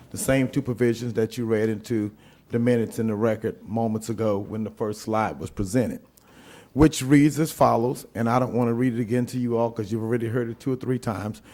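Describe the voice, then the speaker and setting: A man's voice: mid-range voice, a little mellow. Man reading legal text aloud. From St. Landry Parish, Louisiana. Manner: deliberate, reads legal text aloud with frequent "uh" fillers. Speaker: city attorney. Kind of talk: formal legal presentation at a council meeting.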